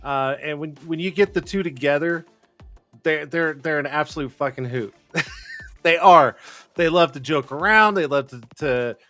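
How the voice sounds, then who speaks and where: A man hosting a casual live-stream talk show, rambling and excitable, swearing freely. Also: a little high, normal speed, faint music behind. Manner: rambling, profane and excitable, with frequent restarts and laughs. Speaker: livestream talk show host.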